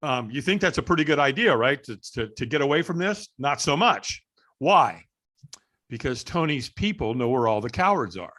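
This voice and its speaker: A middle-aged man telling a story as a guest on a podcast, animated and acting out the voices of people in the story. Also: medium pitch, moderate pace. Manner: animated storyteller, acts out quoted dialogue. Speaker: guest, firewalk instructor.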